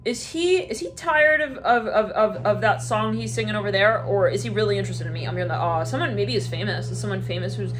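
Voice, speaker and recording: A woman's voice: medium pitch, background noise. A woman giving a casual tarot reading, rambling and giggling often, with some swearing. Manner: giggly, rambling, frequent laughter and profanity. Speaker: tarot reader.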